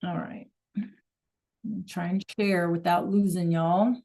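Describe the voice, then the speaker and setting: A woman's voice: lowish voice, fairly even intonation, measured pace, mellow. A woman teacher talking casually to students in a live online class, chatty, with fillers. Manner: chatty, with fillers and throat-clearing. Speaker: Spanish teacher.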